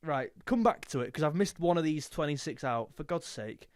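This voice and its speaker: At a moderate pace, a young music YouTuber with a voice on the high side speaks expressively in casual, jokey chat. Now and then he sings a snatch of a song, and the studio sound is clean with no room sound.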